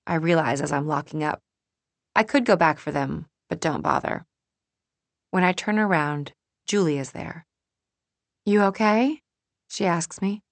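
A woman narrating a first-person audiobook in a calm, measured, introspective manner. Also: deep voice, creaky, no room sound.

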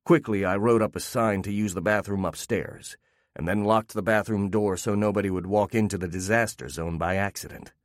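A man narrating a first-person story in a calm, wry way. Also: lowish voice, normal speed, dry recording, studio quality.

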